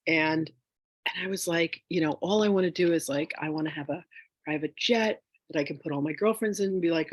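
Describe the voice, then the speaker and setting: A woman telling a personal story in a casual, animated way as a spiritual wealth teacher, with lots of fillers. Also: low voice, brisk, no room sound. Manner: animated, chatty, with frequent fillers; emotional, near tears.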